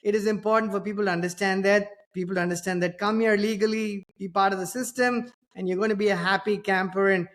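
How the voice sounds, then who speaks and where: A man's voice: sits high, steady tone, fast, hardly any pauses, fairly bright tone. Indian-accented male host, middle-aged, talky and anecdotal, pokes fun at himself. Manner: chatty, anecdotal, self-deprecating. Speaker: podcast host. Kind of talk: casual conversation.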